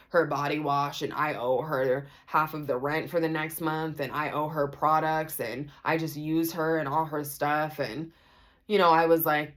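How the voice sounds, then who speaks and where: A woman telling a personal story to her viewers in a chatty vlog, full of asides. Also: sits low. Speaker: vlogger. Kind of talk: storytime vlog, casual chat.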